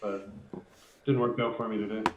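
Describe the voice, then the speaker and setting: A man who plays darts, answering questions after a loss in a halting, hesitant way over a video call. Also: on the low side, little pitch movement, background noise. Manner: hesitant, halting, many restarts. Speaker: darts player. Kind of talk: post-match interview. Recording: tinny, echoey call audio.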